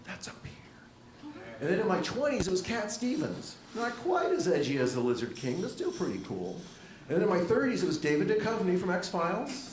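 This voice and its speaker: Wry middle-aged comic, lively pitch. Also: male voice, brisk, a crowd in the background. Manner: dry, wry deadpan with lively jumps in pitch. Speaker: stand-up comedian. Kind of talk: stand-up comedy set. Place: comedy club on stage. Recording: echoey club room with audience laughter.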